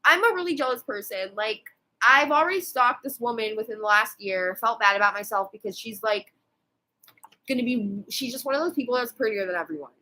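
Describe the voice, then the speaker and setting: A young woman in her twenties rambles through a storytime rant, piling on "like"s and starting sentences over. Her voice is bright and a little higher than most, and she swears casually as she talks. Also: a little fast, rough recording. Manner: rambling, swearing, with constant fillers and restarts. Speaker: vlogger.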